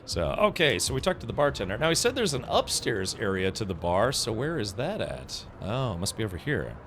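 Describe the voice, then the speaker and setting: A young streamer talks casually over his gameplay, reacting and answering chat. His pitch jumps around animatedly, and there is a faint background ambience. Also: big pitch swings, brisk, a bit bright, a little hiss or hum. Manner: chatty, reacts and reads chat aloud. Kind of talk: casual let's play commentary.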